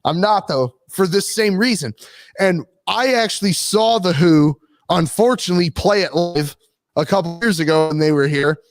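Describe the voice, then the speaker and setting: A man's voice: high-pitched, normal speed. A man co-hosting a music podcast who gives blunt, stubborn opinions in casual back-and-forth debate. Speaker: podcast co-host.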